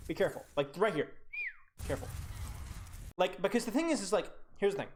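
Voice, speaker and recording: Young male game coach, live-stream review, blunt teasing critique, very animated delivery. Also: high-pitched, fast talker, pauses often, slight background noise.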